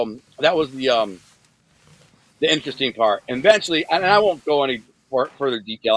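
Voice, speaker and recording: A man from Detroit telling his life story as a guest, in a casual, animated way, acting out what others said and repeating words for emphasis. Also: no room sound. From Detroit, USA. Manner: animated, acts out quoted voices with big pitch jumps.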